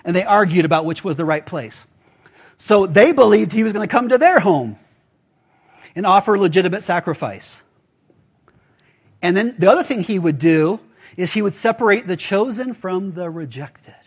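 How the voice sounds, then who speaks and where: Husky high-voiced man preaching casually. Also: lively intonation, moderate pace, long pauses. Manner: casual, conversational preaching with rhetorical questions. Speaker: pastor. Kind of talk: sermon.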